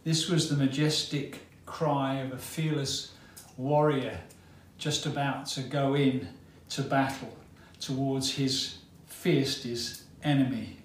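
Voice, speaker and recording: A man preaching a sermon, telling a story dramatically and leaving long pauses. He speaks very slowly and deliberately. His voice rings through a roomy church hall from a distance, with faint ambient sound behind it. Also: medium pitch, steady tone, a little hiss or hum.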